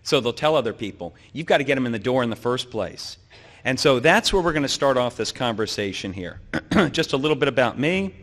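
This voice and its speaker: A man's voice: medium pitch, fairly bright tone. Man with a sore throat, echoing hall. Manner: joking, clears throat often. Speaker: conference speaker. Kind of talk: conference talk. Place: conference hall. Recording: long hall reverb.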